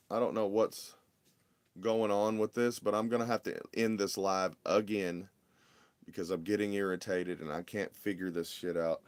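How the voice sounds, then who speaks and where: Man, very deep voice, muttering and fed up, casual workshop livestream on a phone. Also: steady tone, a little slow, a little mellow, no room sound. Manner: frustrated, muttering, drawling. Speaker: RC hobby livestream host.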